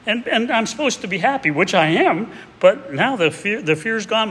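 A man's voice: sits high, lively intonation, moderate pace, few pauses, a bit bright. A man preaching a sermon in a conversational, reflective way, with hesitant restarts, sometimes reading a passage aloud. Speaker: pastor. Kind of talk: expository sermon with a read-aloud excerpt. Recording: distant voice with hall reverb and faint noise.

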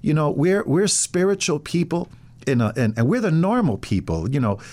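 A man's voice: a little high, sing-song, normal speed, darkish tone. A middle-aged man, a pastor, telling his faith story in an interview and acting out the voices of people in it. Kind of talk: testimony in an interview.

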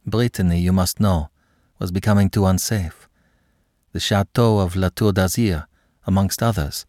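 A man voicing an earnest young woman who pleads eagerly and warmly for a friend. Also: lowish voice, dry recording, studio quality.

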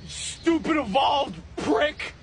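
A squealing, enraged little cartoon creature that yells and curses at its owner, played by a man. The voice sits very high and hammers out every word in a shout. The clip is rough, with steady noise and clicks behind it. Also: takes it slowly, exaggerated voice. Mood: furious. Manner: shouting, swearing, bitter. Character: furious foul-mouthed male Pikachu creature. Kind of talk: comedy sketch acting.

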